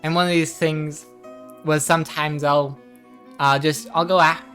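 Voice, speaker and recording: Low-voiced woman chatting while gaming. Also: steady tone, unhurried, soft background music. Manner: chatty, soft-spoken, reads chat aloud. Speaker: streamer. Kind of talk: casual live gaming chat.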